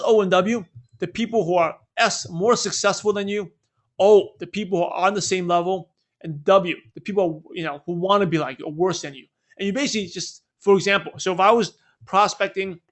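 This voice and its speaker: A man with a high voice leads a sales training session. He talks in a loose, conversational way and keeps checking in with a quick "right?". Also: a bit bright. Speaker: network marketing trainer. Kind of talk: training talk with role-played scripts.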